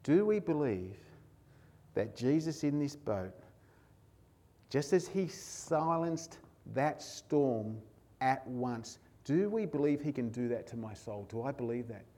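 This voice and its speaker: A man preaching a sermon as pastor, emotional, moving between hushed and raised passages. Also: mid-range voice, expressive, slow pace.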